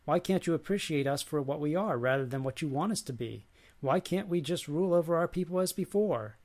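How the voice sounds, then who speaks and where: A man reading aloud and voicing a loud, boastful horned male god who roars his lines. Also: a little high, a little fast. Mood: pleading. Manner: roaring, bombastic.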